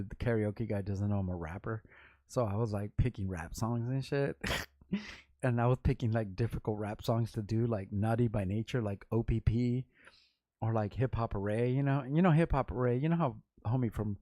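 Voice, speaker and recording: A middle-aged man from Los Angeles, a rapper hosting his own vlog, telling loose, profane, rambling stories full of quick asides. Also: on the low side, dark tone, no echo, clean studio sound. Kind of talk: casual storytelling to camera.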